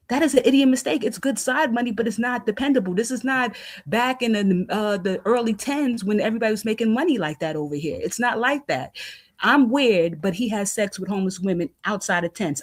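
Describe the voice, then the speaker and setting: Blunt New York woman ranting. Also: mid-range voice. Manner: blunt, profane, rapid-fire opinions. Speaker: caller. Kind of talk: casual call-in rant.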